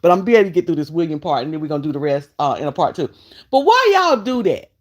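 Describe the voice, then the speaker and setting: A woman's voice: deep voice, sing-song, very fast. A woman hosting a casual live stream, fussing at her guest and chatting to her viewers. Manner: sassy, fussing, talks straight to chat. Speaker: vlogger host.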